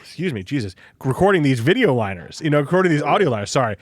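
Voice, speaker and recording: A man's voice: a little high, very animated, very fast, no room sound. A young man hosting a podcast in casual chat, rambling and swearing, recorded on a studio microphone. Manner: swearing, rambling, laughs often. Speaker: podcast host.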